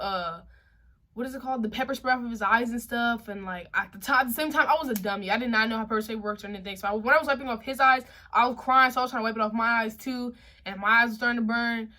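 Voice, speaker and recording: Bright-voiced young woman telling a story. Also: mid-range voice. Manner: animated, slangy, acts out quotes. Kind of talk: casual storytime.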